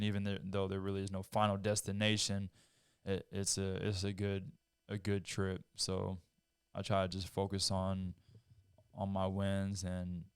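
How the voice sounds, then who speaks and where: A lower-pitched man hosting a podcast, with a very smooth, resonant voice recorded dry and close. His delivery is even and flat as he speaks in a calm, steady way in casual chat. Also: no echo. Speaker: podcast host, martial artist.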